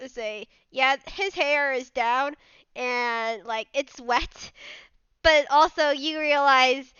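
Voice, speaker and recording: A woman calmly narrates her character's actions in a casual tabletop role-play, taking her time. Her voice is high, bright and very clear. The recording is dry and dull, like a lo-fi mic. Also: slow pace, no echo. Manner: calm, plain action narration.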